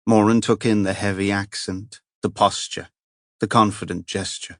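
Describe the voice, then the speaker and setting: A man narrating a novel in a steady, measured storytelling voice. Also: on the low side, no room sound, clean studio sound. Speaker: audiobook narrator. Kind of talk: scripted narration.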